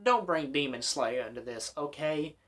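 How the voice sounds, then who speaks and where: A man's voice: fairly high pitch, expressive, moderate pace, fairly bright tone. A young man hosting a commentary vlog, ranting in an exasperated, sarcastic way with plenty of swearing. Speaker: host.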